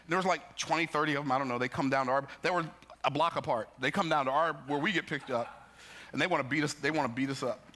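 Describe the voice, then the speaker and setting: A man telling life stories in an emphatic, preacher-like motivational talk, building up and jumping into sudden high bursts. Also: fast talker, pushed and bright, a little hiss or hum. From United States. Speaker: motivational speaker.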